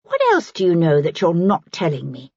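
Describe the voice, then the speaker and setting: A proud, indignant young gentlewoman with a haughty, insistent delivery, as a woman narrator plays her. Her speech moves lively and husky. The recording is dry and dull. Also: fairly low pitch, normal speed, no echo.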